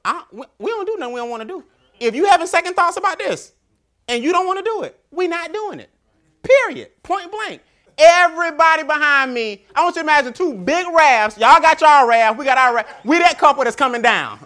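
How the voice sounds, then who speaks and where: A man giving a motivational keynote speech, telling stories with animated, emphatic repetition. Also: very high voice, brisk. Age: adult father. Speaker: keynote speaker.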